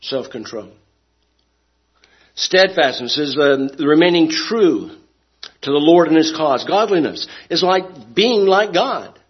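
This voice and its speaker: Male preacher, somewhat high voice, emphatic and rhetorical, dull lo-fi recording. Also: lively intonation, slow pace. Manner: emphatic, rhetorical questions, swings loud and soft. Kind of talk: sermon. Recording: dull lo-fi sound.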